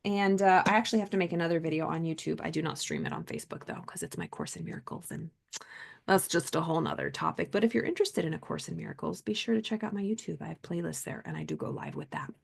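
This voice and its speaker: A middle-aged woman host and mindset coach talking casually on a live stream, animated and chatty. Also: low-pitched, fast talker, gravelly, breathy edge. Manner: animated, chatty, acts out quoted people.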